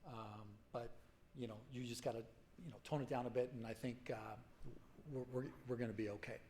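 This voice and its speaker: Halting, emotional man in his forties. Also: mid-range voice, steady tone, a little mellow, slight background noise. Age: 40s. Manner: halting and emotional, many fillers and restarts. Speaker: patient speaker at a medical symposium. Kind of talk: personal story told to an audience. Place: conference hall.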